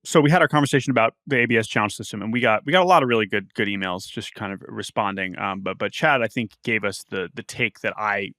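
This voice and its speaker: Podcast co-host, male, gravelly voice, halting and chatty, reading listener mail; dry close mic. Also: lowish voice, fairly bright tone, no room sound. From United States. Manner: halting, repeats words, reads listener email aloud. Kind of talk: casual podcast chat. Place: small-town home studio.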